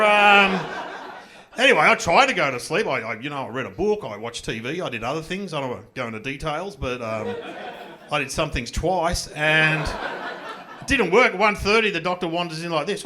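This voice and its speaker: A man's voice: on the high side, animated, fairly quick, crowd noise. A middle-aged man with an Australian accent doing a self-mocking, chatty stand-up comedy set on a club stage. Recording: live club recording with audience noise.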